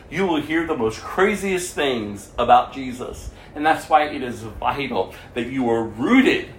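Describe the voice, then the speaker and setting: A man's voice: mid-range voice, a little hiss or hum. A man preaching, reading scripture aloud and adding his own commentary, lifting his voice for the quoted speech. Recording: echoey room.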